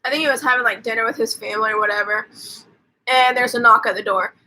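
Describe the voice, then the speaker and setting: A woman with a bright, somewhat high voice hosts a casual live stream. She retells a movie scene by scene, piling on fillers like "like" and "um" and acting out characters' lines in quotes. Her talk is loose and offhand, with casual swearing. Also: steady tone, fast, slight background noise, low-quality recording. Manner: rambling storytelling with many fillers and quoted dialogue. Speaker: host.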